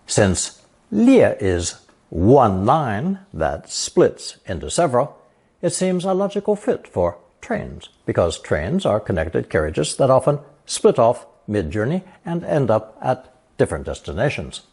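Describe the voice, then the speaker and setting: A man narrating a scripted language lesson, explaining characters slowly and reading example sentences. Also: mid-range voice, wildly swooping pitch, a little mellow, slightly rough. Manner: slow, measured explanations with example sentences read aloud. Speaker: language teacher.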